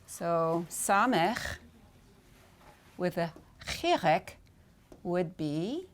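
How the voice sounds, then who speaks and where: Slow, patient woman teaching at a board. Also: lowish voice. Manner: patient, repeats sounds slowly and asks "okay?". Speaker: Hebrew teacher. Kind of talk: whiteboard lesson.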